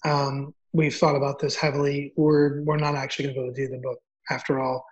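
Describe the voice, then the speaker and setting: A man telling a story as a guest author, acting out the dialogue in an animated way. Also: medium pitch, fast. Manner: animated, acts out quoted dialogue. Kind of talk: storytelling in an interview. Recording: dull lo-fi audio.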